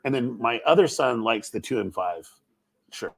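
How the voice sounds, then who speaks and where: Man, middle-aged, livestream host, playful, rambling, gravelly voice. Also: medium pitch, normal speed. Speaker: show co-founder and livestream host. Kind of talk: casual livestream chat. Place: on a film set.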